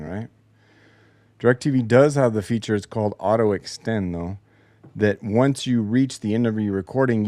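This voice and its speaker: Man, lowish voice, casual solo rant, swears a lot, exasperated, dry close mic. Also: dark tone, dry recording. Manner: profane, exasperated storytelling. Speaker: podcast host. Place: home basement.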